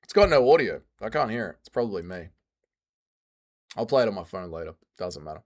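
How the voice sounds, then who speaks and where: A man's voice: lowish voice, sing-song, fairly quick. A man hosting a livestream, reading out chat and answering in a crude, joking, rambling way. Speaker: streamer host reading chat.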